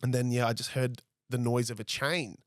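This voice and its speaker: A man's voice: medium pitch, steady tone, normal speed, dry recording, studio quality. A young man, telling a story as a podcast guest in a casual, rambling way. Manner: rambling, frequent "like" and "I was like".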